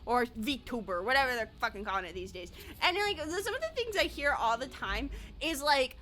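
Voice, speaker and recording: Woman VTuber, chatty and swear-happy, high and lively delivery, laughs often. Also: moderate pace, a little hiss or hum. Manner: rambling, laughs a lot, swears freely. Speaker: VTuber streamer. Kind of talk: casual stream chat while gaming.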